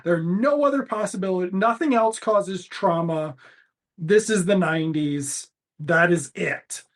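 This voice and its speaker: A man's voice: high voice, a little slow. A man doing a preachy nineties doctor. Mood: lecturing. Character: pompous 1990s male doctor lecturing.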